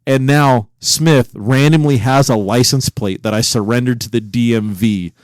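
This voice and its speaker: A man co-hosting a casual podcast from a home recording room, cursing freely and breaking into loud disbelief. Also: mid-range voice, moderate pace, no room sound, clean studio sound. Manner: profane, incredulous, loud bursts of disbelief. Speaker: podcast co-host. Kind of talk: casual banter.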